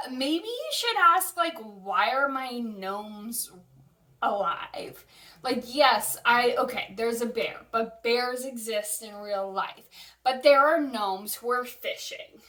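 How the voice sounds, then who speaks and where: A young woman giving a comedic review of a children's book, dry and exasperated. Her voice sits a little high, and she takes her time. She talks in sarcastic asides. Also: a bit bright, far from the mic. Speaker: host reviewing a picture book.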